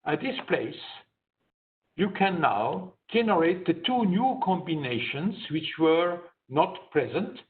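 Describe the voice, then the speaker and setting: A man's voice: fairly high pitch, sing-song, slow. A man giving an academic science lecture, explaining his slides step by step. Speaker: guest lecturer. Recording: tinny phone-like online lecture audio.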